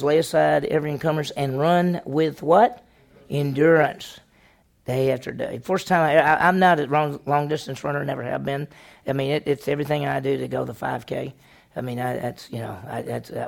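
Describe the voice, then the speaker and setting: Fairly high-pitched and a little mellow, with some vocal fry, this man is a senior pastor giving a conversational lesson. He leans folksy, telling personal stories and asking the congregation questions that he then answers.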